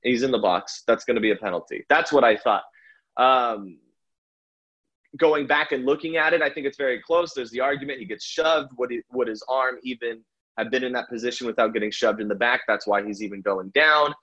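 Husky man in a muffled sports chat. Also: mid-range voice, sharp tone. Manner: chuckles often, halting with fillers. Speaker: podcast co-host, pitchside reporter.

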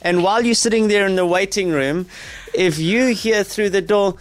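High-voiced man joking on radio. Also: moderate pace. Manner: joking, playful. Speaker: radio co-host. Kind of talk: casual radio banter.

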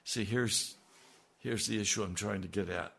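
A man's voice: fairly low pitch, normal speed, vocal fry, a bit bright, slightly rough. A man preaching a sermon, asking his listeners pointed rhetorical questions and building to emphatic peaks.

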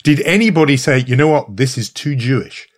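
A man's voice: medium pitch, lively intonation, brisk. A male podcast host asks his questions at length and wanders before reaching his point. His voice sits in an ordinary middle range. He speaks in a conversational way. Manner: long, winding questions. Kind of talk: interview questions.

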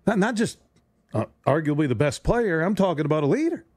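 Male sports radio host, slightly high-pitched, dry close studio mic, sarcastic rambling solo talk. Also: sing-song, a little fast, darkish tone, no room sound. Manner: rambling, sarcastic, stumbling restarts. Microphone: studio microphone.

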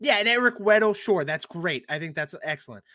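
A man talking sports in a casual chat as a guest, answering in a measured way and weighing each point. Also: sits high, expressive, sharp tone, no room sound, studio quality. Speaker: podcast guest.

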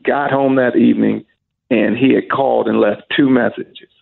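A middle-aged man, a singer, telling an animated story in an interview and acting out the voices of the people in it. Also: medium pitch, moderate pace, gravelly, slightly rough. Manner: animated storyteller who acts out quoted voices. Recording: phone-like narrow audio.

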